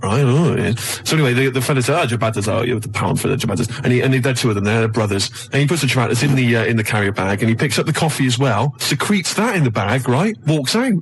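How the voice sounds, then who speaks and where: A man's voice: mid-range voice, lively intonation, quick pace, few pauses. A man telling a comic story on radio, rambling and checking in with "right?" between restarts. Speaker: radio co-host.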